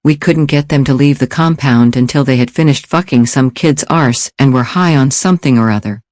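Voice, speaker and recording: A man voicing a blunt, profane former soldier, speaking a little higher and louder than the narration. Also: moderate pace, dry recording, clean studio sound, natural voice. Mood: indignant. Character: gruff, foul-mouthed male ex-soldier, confused.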